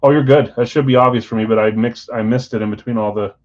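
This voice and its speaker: A man's voice: mid-range voice, fast talker. Chatty man hosting a live card stream. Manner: chatty, counts down excitedly, reads viewer chat. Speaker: live card break host. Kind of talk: casual live-stream chat. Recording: slightly dull lo-fi stream audio.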